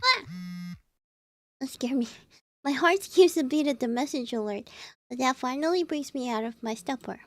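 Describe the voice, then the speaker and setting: Very high-pitched bubbly streamer woman. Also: normal speed. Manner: bubbly and giggly, thanking viewers by name; cutesy, playful exclamations. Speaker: VTuber streamer. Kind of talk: reading a visual novel aloud and chatting with viewers. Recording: game music playing behind. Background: game background music.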